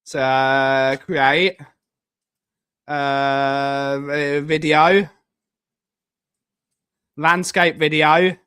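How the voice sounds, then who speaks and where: A man's voice: on the high side, little pitch movement, drawn-out words, long pauses, sharp tone, clean tone. A man hosting a casual live stream, rambling and joking and repeating himself as he clicks through things on screen. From United Kingdom.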